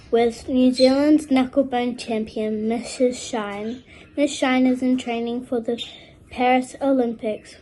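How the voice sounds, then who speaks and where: A woman presenting a scripted mock news report with measured, formal delivery. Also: sits high, dark tone, slight background noise, low-quality recording.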